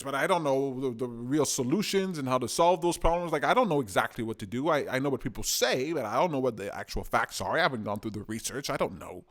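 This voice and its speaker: A man, giving excitable, rambling political commentary for a video blog and often tacking on "man". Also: mid-range voice, moderate pace. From Canada.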